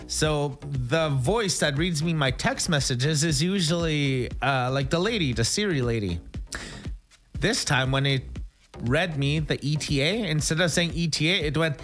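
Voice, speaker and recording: A man's voice: fairly high pitch, animated, a bit bright, faint music behind. A man co-hosting a casual chat, rambling a little and agreeing easily. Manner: rambling, agreeable, quick to laugh. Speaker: co-host.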